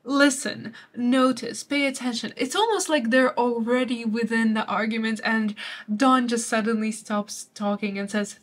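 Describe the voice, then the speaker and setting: A woman's voice: fairly high pitch, fairly even intonation, a little slow. A young woman explaining a poem for students in a chatty, playful way, laughing now and then. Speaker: literature study guide presenter. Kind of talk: study guide explanation.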